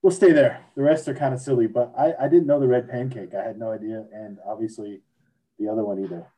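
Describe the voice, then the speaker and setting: A man's voice: medium pitch, steady tone, quick pace, warm tone, husky, poor audio. A man co-hosting a casual podcast chat, reading out crude slang definitions and joking along. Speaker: podcast co-host.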